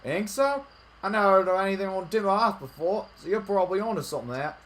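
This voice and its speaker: A man voicing a folksy male alien tree keeper from a game, in a raised, loud homespun drawl. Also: high-pitched, lively intonation, fast talker, pitched above the performer's own voice.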